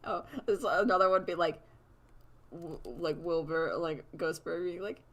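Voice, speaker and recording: A woman's voice: on the low side, moderate pace. A young woman chatting casually on a livestream, giggly and rambling with lots of fillers. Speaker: streamer and artist.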